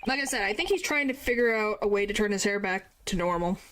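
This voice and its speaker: A woman's voice: medium pitch, lively intonation, fast talker, fairly bright tone, slight background noise. A woman streamer chatting casually and playfully while playing a game, with mild joking swears.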